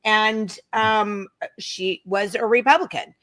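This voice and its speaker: A woman's voice: medium pitch, steady tone, slow, fairly bright tone. A woman hosting a political talk show, explaining her views in an earnest, conversational way. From Oklahoma.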